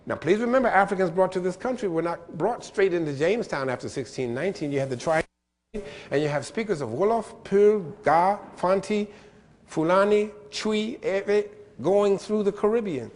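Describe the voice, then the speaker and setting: A man giving a lively lecture-style keynote address, playful and animated, spelling out letters and mimicking pronunciations. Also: high voice, normal speed, in a large hall. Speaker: keynote speaker.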